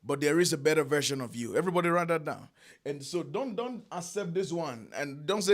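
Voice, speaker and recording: A man preaching a sermon, emphatic, repeating phrases and drawing out key lines with long pauses. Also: fairly high pitch, lively intonation.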